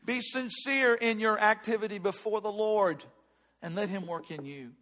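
Middle-aged pastor guy preaching, pretty high voice, goes loud then real quiet while telling a story. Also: moderate pace. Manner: animated storytelling, shifting between loud and hushed. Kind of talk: sermon with personal story.

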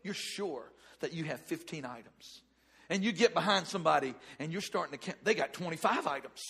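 A man preaching a sermon, animated, swinging from loud outbursts to hushed asides. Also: fairly high pitch, a little fast, vocal fry, breathy edge.

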